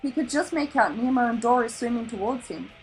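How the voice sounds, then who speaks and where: A woman with an Australian accent reading a children's novel aloud in an animated, expressive way. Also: on the high side, a little fast, faint music behind, poor audio. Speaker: storybook reader.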